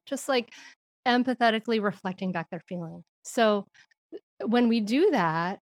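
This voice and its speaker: A woman's voice: medium pitch, lively intonation, normal speed, dry recording. A woman as a podcast guest, explaining in an earnest way and laughing now and then. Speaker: guest, parenting expert. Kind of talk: podcast interview.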